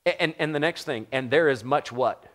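A man's voice: medium pitch, fairly quick, a bit bright. A middle-aged man from the United States preaching a sermon in a conversational, joking way, often putting questions to the congregation. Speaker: pastor.

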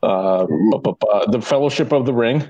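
A man's voice: lowish voice, animated, moderate pace, dull audio. A man who is a guest on a podcast, answering quiz questions and stammering while he searches for answers. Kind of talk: casual podcast banter.

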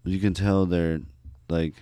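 A man's voice: low-pitched, level tone, takes it slowly, warm tone, clean tone, dry recording. A man from San Francisco, a musician guest in casual chat, laid-back and rambling with many "like"s.

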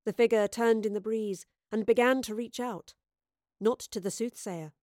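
A woman reading an audiobook as the narrator, with steady, measured storytelling. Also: on the high side, no room sound, clean studio sound. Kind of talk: scripted narration.

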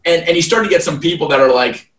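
Man, thirties, interview guest, rambling with fillers, fairly high voice, roomy echo. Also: animated, fast talker, a bit bright, faint music behind. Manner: rambling, heavy "like" fillers and restarts. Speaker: guest, fight event promoter. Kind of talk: casual interview chat. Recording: roomy, distant mic.

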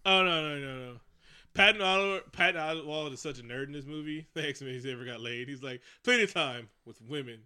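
A man co-hosting a podcast, talking casually and profanely about a movie, animated and laughing often. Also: fairly high pitch, quick pace, smooth. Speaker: podcast co-host. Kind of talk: casual movie review chat.

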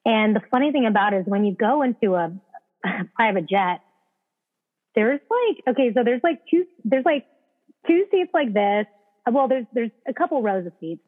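A woman telling a story as an actress guest in a casual conversation, animated, acting out the voices of people she quotes and restarting her sentences often. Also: fairly high pitch, moderate pace. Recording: tinny phone-like line.

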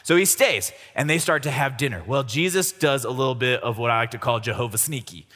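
A man's voice: medium pitch, brisk, fairly bright tone. A young man telling a Bible story as a comic youth sermon, jokey and slangy. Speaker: youth speaker. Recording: reverberant hall.

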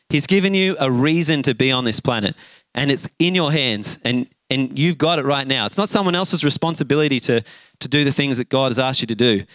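A middle-aged man, preaching a sermon and acting out a lively story. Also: mid-range voice, no room sound. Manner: animated storyteller, acts out voices with shouts and gasps. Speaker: pastor.

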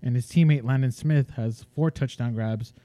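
A man co-hosting a sports podcast, chatting casually and chiming in with quick agreement. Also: medium pitch, mellow. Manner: easygoing, quick agreeing interjections.

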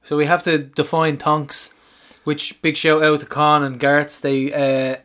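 Sex: man. Role: podcast co-host. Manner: jokey, casual swearing, slightly high voice. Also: flat delivery, measured pace, a bit bright. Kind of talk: casual football fan chat.

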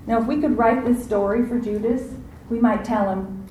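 A woman's voice: fairly high pitch, moderate pace, slight background noise. Woman preaching in an echoey room. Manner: animated, acts out quoted voices, asks audience to respond. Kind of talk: sermon.

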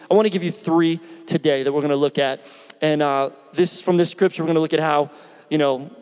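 A middle-aged pastor from Philadelphia preaches a storytelling sermon with a voice pitched a bit higher than most men's. He talks in an animated, conversational way and asks the congregation questions as he goes. The sound rings out with a long reverb. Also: clear, resonant tone.

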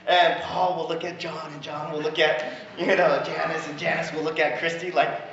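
Woman pastor, playful sermon, bright tone, strongly echoing church, slightly dull sound. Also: low-pitched, normal speed, vocal fry. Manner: lively, playful, talks to the congregation. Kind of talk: sermon with children's activity.

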